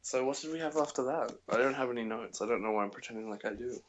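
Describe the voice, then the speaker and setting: A man's voice: mid-range voice, quick pace, a little hiss or hum. A man co-hosting a casual podcast, joking and laughing often. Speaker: podcast co-host. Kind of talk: casual chat.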